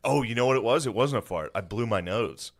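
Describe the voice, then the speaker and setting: A man's voice: mid-range voice, expressive, a little fast, vocal fry. A man co-hosting a comedy podcast, telling profane stories in a casual chat and laughing often. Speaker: podcast co-host.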